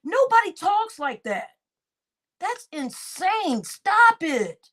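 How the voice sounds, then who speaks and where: A woman hosting a live stream, animated and exclaiming as she reacts to clips. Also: extremely high pitch, slow. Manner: animated and exclaiming, laughs often.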